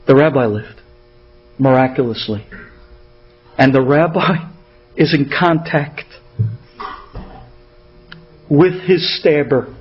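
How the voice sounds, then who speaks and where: A man with a high voice tells an inspirational story slowly and dramatically. He stacks repeated phrases and weaves in Hebrew terms. The audio is dull and lo-fi. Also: steady tone, faint music behind.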